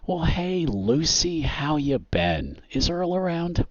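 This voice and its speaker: A man voicing a loud, boisterous, charismatic man in his fifties who talks in a folksy, glad-handing way. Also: lowish voice, expressive, normal speed, creaky, slightly rough, dry recording, voice pushed up, full character voice. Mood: hearty. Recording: dull muffled audio.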